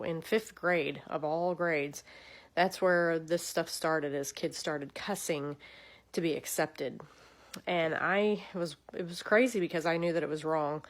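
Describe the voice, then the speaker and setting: A woman hosting a casual devotional talk, chatty and earnest, with lively swings in pitch. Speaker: devotional host.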